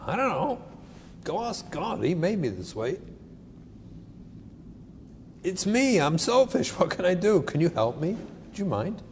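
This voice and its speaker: A child's voice answers a parent, pleading and matter-of-fact, pitched high and swinging widely, as a man puts him on. The words ring in a large reverberant hall. Faint noise sits underneath. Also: big pitch swings, unhurried, pauses often. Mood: shrugging. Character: grown child speaking back to a parent, calm.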